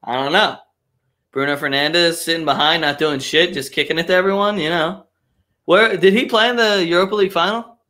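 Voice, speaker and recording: Bright-toned, excitable young man ranting. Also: on the high side, brisk. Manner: profane, opinionated, animated rants with mocking voices. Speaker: podcast host. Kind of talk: casual soccer chat, live stream.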